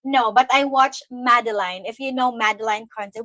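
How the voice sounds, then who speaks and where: A woman's voice: fairly high pitch, normal speed, bright, forceful tone, no room sound, rough recording. A woman from the Philippines co-hosting a casual livestream, playful and chiming in with short remarks. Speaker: livestream co-host.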